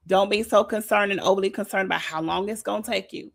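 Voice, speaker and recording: A woman's voice: medium pitch, fairly even intonation, fast, gravelly. A woman giving an informal sermon, talking conversationally and emphatically, often repeating her phrases. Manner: repetitive, emphatic, conversational preaching. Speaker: speaker leading a devotional talk.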